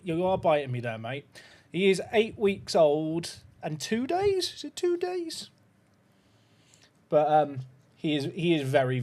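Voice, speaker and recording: A man hosting a casual livestream, sleep-deprived, cooing softly at a puppy and chatting upbeat with viewers. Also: a little high. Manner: coos softly at a puppy, then chats upbeat with his viewers. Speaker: livestream host.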